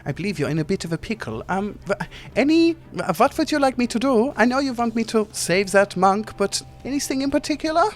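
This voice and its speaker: Man doing Erican, a high giggly tiny genie. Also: big pitch swings, a little fast, few pauses. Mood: flustered. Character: tiny fussy male Germanic genie from a bell.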